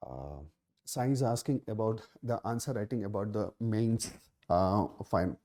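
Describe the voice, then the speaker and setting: Indian English male exam tutor, live Q&A, lively pitch, mellow tone, repeats key points. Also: a little slow. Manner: emphatic, repeats key phrases, many fillers. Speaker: exam coaching teacher. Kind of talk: live Q&A session answering student questions.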